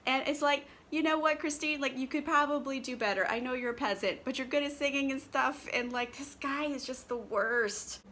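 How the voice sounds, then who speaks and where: Tipsy young woman, rambling profane book recap, bright and slightly high. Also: normal speed, hardly any pauses, slight background noise. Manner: profane, rambling, laughs often. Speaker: book vlogger.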